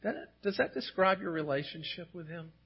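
A male pastor delivers an earnest sermon, his voice a little husky and sitting somewhat high. He swells into impassioned emphasis at key lines. The recording is dull and lo-fi. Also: normal speed. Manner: earnest, rising to impassioned emphasis when quoting scripture.

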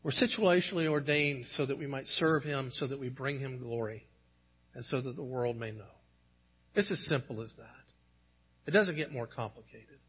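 A man's voice: mid-range voice, moderate pace, husky, lo-fi sound. A man preaching a sermon as pastor, earnest and building to impassioned emphasis when he quotes scripture.

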